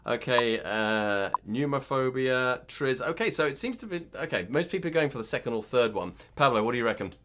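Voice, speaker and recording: A man's voice: mid-range voice, expressive, brisk, few pauses, a bit bright. A British man hosting an online pub quiz, upbeat and teasing as he reads out questions and viewers' answers. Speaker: quiz host.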